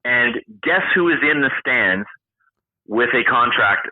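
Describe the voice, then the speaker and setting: A man in his forties, a retired hockey player and podcast guest, telling animated stories, acting out quoted dialogue and swearing freely. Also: mid-range voice, measured pace, dry recording. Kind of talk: casual storytelling interview. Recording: tinny phone-like call line.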